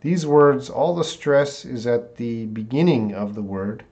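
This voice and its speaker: Male English teacher on a live stream, desktop mic, mid-pitched, relaxed and halting delivery. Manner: casual, hesitant, reads viewer comments aloud. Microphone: desktop USB mic.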